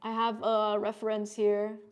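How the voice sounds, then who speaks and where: Drawing live from home, this young streamer chats loosely with her viewers, laughing and cursing frequently. She speaks at a medium pitch in a smooth, unhurried monotone.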